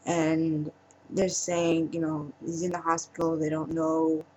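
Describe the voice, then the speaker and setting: Low, flat-voiced woman vlogging. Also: lo-fi sound, slight background noise. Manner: halting and emotional, trailing off with pauses. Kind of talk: personal monologue to camera.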